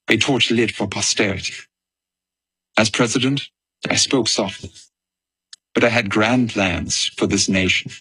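Brief: man as a reflective founding president, calm measured delivery, dry close mic. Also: fairly low pitch, husky, dry recording, low-quality recording. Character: thoughtful statesman and president, bookish man. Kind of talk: first-person historical monologue.

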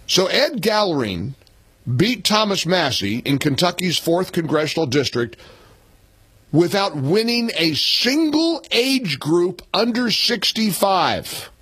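A man's voice: high voice, big pitch swings, takes it slowly, a bit bright, slightly rough, no room sound. A man in his sixties hosting a talk radio show, speaking emphatically and repeating points for punch. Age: 60s. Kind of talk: opinionated political talk radio.

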